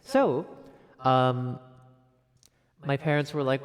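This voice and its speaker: A man's voice: mid-range voice, lively intonation, moderate pace, big-room sound. A young man from Connecticut chatting casually on a piano livestream from home, upbeat and chatty with gleeful exclamations. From Connecticut, USA. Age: young adult.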